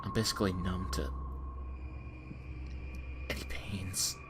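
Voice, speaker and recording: A man in his twenties voicing a haunted, stammering teenage boy turned killer in a creepypasta monologue, with a hushed, whispery, gravelly voice. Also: sits low, level tone, takes it slowly, very noisy. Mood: numb, grim. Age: 20s. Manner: stammering, numb then unhinged. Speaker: voice actor. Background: music.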